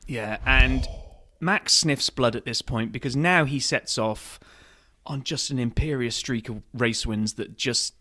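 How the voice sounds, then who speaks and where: Male podcast co-host, middle pitch, excitable and emphatic. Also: unhurried. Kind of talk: casual sports podcast chat.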